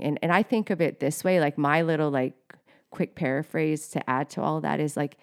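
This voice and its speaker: A woman's voice: low-pitched, moderate pace, clean tone. A woman co-hosting a faith podcast, sharing her testimony in a heartfelt, emotional way with many fillers. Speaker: co-host.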